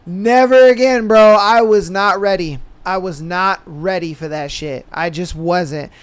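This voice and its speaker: Young male podcast host, easygoing and casual, fairly high and crisp tone, swears freely. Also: measured pace. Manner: laid-back, says "bro" and "man" constantly. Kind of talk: casual storytelling monologue.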